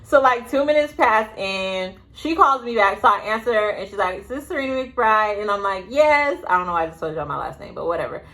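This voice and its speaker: A young woman telling a story to her viewers in a casual vlog, rambling and chatty with quick asides. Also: medium pitch, sharp tone. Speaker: vlogger. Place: indoors, sitting at home.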